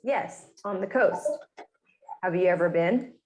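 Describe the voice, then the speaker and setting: A woman's voice: fairly low pitch, measured pace, echoey room, slight background noise, close to an everyday voice. A woman voicing a matter-of-fact traveler. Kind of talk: scripted textbook dialogue.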